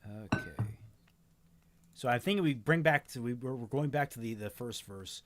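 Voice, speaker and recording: A man's voice: medium pitch, normal speed, fairly bright tone. A man hosting a livestream, casually thinking aloud and tossing out tentative suggestions. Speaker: streamer host.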